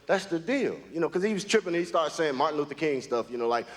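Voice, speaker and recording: A man's voice: fairly high pitch, lively intonation, racing. A man from the United States doing a stand-up comedy set on stage, talking in a drawling way with many fillers. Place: comedy club stage, live audience. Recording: live hall with crowd and noise.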